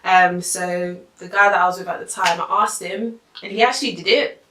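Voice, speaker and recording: A woman's voice: on the low side, fairly even intonation, normal speed, sharp tone, a little hiss or hum. A young woman telling a story in casual, rambling vlog talk, full of slang and fillers. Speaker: vlogger. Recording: echoey room.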